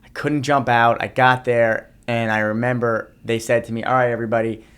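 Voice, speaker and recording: A man's voice: mid-range voice, steady tone, normal speed, a bit bright, smooth. A man in his thirties from New Jersey, a podcast guest telling his own story in an earnest way, often repeating himself and restarting. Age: 30s. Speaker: guest, motivational speaker. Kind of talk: personal storytelling in a podcast interview.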